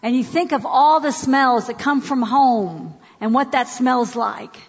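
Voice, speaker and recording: High breathy woman in a hall. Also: measured pace. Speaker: speaker at a church gathering. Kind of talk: lively talk to an audience. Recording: dull sound with long hall reverb.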